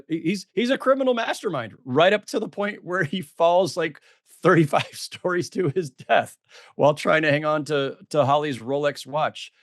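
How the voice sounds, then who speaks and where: A man's voice: a little high, dry recording, studio quality. A middle-aged man co-hosting a podcast, chatting casually and self-deprecatingly with lots of fillers and restarts. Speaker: podcast co-host.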